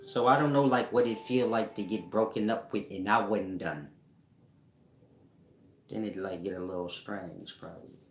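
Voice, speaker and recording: A man's voice: fairly low pitch, moderate pace, soft background music. Slangy, laughing man in an echoey room. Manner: slangy, laughs often, loose and joking. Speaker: spiritual teacher answering viewers. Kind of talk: casual livestream chat.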